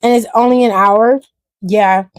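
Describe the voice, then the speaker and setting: A woman hosting a casual wrestling review, talking in an animated, profane way and acting out quotes. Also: mid-range voice, a little slow, no room sound. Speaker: wrestling show reviewer, host. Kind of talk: casual commentary.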